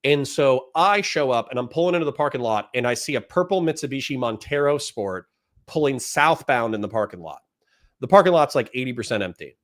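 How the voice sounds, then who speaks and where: A young man, a former cop and podcast host, telling a story in a casual, animated way and now and then shouting out the lines he quotes. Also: mid-range voice, a little fast.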